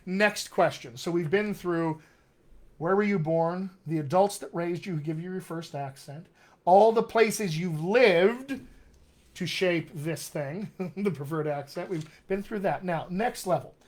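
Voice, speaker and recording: A man's voice: high-pitched, unhurried, a little mellow. A middle-aged man, a dialect coach, teaching in a live online question-and-answer session, upbeat and encouraging as he speaks straight to his viewers.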